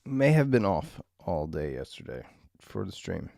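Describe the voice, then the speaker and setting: A man chatting casually on a morning stream, tired and rambling, with crude, self-mocking remarks and frequent throat clearing. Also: low voice, very animated, unhurried, warm tone, dry recording, studio quality. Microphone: desk mic.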